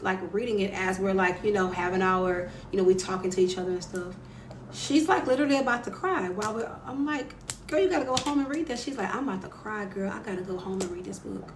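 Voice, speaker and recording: Recorded on a phone in an echoey room with faint ambience and a little hiss or hum, a woman author speaks in a medium-pitched voice. She hosts a casual live stream, greeting viewers by name and offering encouragement.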